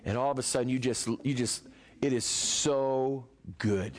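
A man preaching a sermon in a church, moving between lively, joking talk to the congregation and soft, hushed prayer. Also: medium pitch, a little slow. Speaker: pastor.

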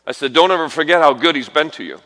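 A man preaching a sermon as a guest preacher, animated and folksy, trading call-and-response with the congregation and swinging between quiet asides and shouted exhortations. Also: fairly high pitch, quick pace. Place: large church hall. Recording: reverberant church hall.

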